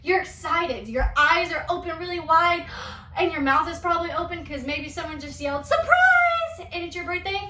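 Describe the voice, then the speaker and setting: Bright, high-voiced dance teacher woman. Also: brisk, recorded from a distance, slight background noise. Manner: animated, coaxing, speaking to young children. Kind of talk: kids' movement class demonstration. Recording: echoey room, voice away from mic.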